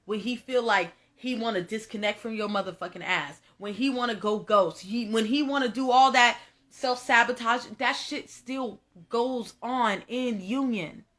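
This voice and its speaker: Young woman, tarot reader, bright forceful voice, emphatic and profane, talks to viewers. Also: a little high, normal speed. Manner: emphatic, repetitive, profane, addresses viewers directly. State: tearful at moments. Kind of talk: casual spiritual reading monologue.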